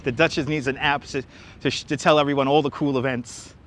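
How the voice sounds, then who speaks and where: This livestream host is a man strolling city streets outdoors, talking enthusiastically into a wireless clip-on mic while he greets viewers by name and reads out their comments. His mid-range voice is a bit bright, a little fast and fairly even in intonation. A faint hiss or hum runs underneath.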